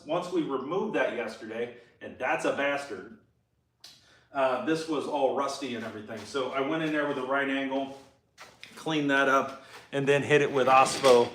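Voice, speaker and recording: A laid-back man talks shop from his garage, answering viewer comments. His talk rambles loosely and he swears freely. The room is echoey, and his voice sits at a middle pitch. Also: fairly bright tone, slight background noise. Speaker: host and car builder.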